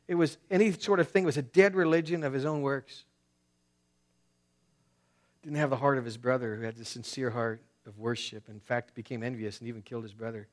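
A man preaching a sermon as pastor, talking casually and swinging between loud bursts and hushed asides. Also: medium pitch.

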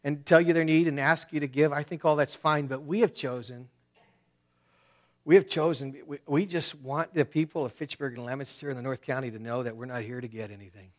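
A male pastor delivers a sermon in an easygoing, conversational way. He leans on casual asides and slang. His volume rises in bursts and then drops to near quiet. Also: medium pitch, fairly even intonation, fairly quick.

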